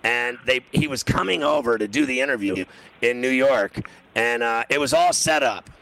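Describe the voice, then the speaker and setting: A man's voice: mid-range voice, normal speed, creaky, low-quality recording. A man hosting a sports radio show, telling a long story in a rambling way with lots of stammered restarts. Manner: rambling, stammering restarts, loud when acting out his own yelling.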